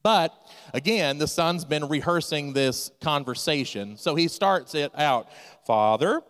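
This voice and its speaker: A man's voice: fairly high pitch, measured pace, a bit bright, big-room sound. A man preaching a sermon, telling a story and acting out its characters' lines. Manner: storytelling preacher, acts out quoted dialogue. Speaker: pastor.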